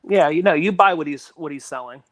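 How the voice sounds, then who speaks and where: A man with a slightly high voice picks apart a film on a podcast and keeps checking in with "you know what I mean". The recording is close and dry, with no room sound. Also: brisk, a bit bright, dry recording. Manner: repetitive, restarts a lot, says "you know what I mean". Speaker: podcast co-host. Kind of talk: casual movie discussion.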